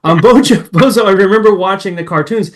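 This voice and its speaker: A man who grew up in Massachusetts, a podcast guest chatting casually and jumping between memories with excited asides. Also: high voice, fairly quick. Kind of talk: casual chat.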